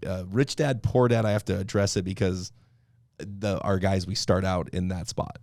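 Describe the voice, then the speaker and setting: A podcast host from Idaho with a gravelly, fry-heavy voice that sits a little low. He rambles casually and leans on fillers while he talks. The sound is dry, with no room around it. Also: fairly even intonation, normal speed, darkish tone, no echo. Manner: rambling, conversational storyteller, many fillers. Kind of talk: casual interview chat.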